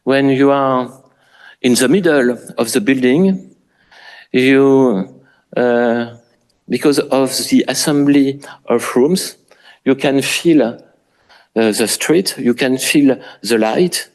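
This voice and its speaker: A man with a French accent, a native French speaker, giving an architecture lecture in English with frequent pauses and restarts. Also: mid-range voice, a little mellow. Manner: halting, many fillers and restarts. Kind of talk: public lecture.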